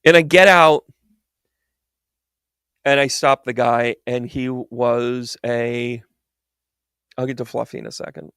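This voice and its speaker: A man's voice: medium pitch, steady tone, takes it slowly, long pauses, a bit bright, smooth, no echo, clean studio sound. A man and podcast host telling a casual, rambling story full of digressions and restarts, often laughing at himself. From United States.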